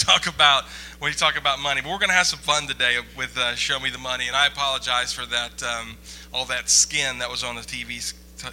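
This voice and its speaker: A man's voice: medium pitch, bright, forceful tone, low-quality recording. A man preaching a sermon as pastor, conversational and joking with the congregation. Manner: joking, conversational, audience-teasing.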